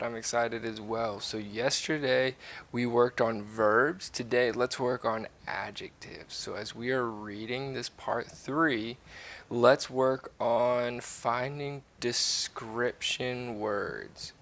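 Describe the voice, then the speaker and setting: A man's voice: medium pitch, unhurried. A man teaching a lesson and reading a storybook aloud, explaining patiently. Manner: patient, explanatory, lively intonation.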